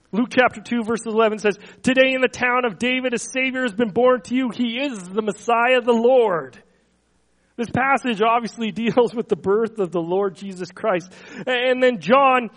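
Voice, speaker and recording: Heard through poor audio, a pastor with a high voice preaches a sermon, reading scripture earnestly and slowing and swelling on the quotes, with soft trailing endings. Between quotes, speaking freely, he stumbles over and repeats words.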